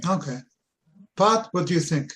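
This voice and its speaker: A man hosting a podcast panel, posing questions in a measured way with many fillers. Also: high voice, expressive, a bit bright. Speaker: podcast host.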